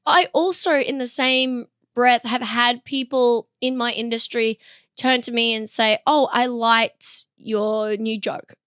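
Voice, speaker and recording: A woman comedian talking casually to camera in a review vlog, hoarse from a partly lost voice, rambling and self-deprecating and laughing often. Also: a little high, steady tone, measured pace, fairly bright tone, dry recording, studio quality.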